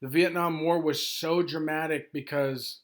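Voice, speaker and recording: Gravelly-voiced man in his sixties. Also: a little high, fairly even intonation. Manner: hurried, conversational, many ums and restarts. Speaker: history presenter. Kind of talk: rushed informal history overview.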